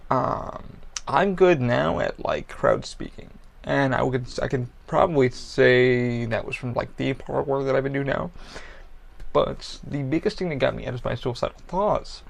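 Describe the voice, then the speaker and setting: A man's voice: mid-range voice, gravelly. A man hosting his own podcast, talking bluntly and candidly about his life, swearing often and restarting sentences as he goes. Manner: blunt, profane, halting with restarts. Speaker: podcast host. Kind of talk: candid personal monologue. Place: Florida.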